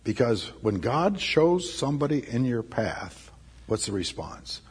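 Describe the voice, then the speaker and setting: A man's voice: medium pitch, sing-song, a little slow, breathy edge. A man preaching a sermon, emphatic and repeating his key phrases. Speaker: pastor.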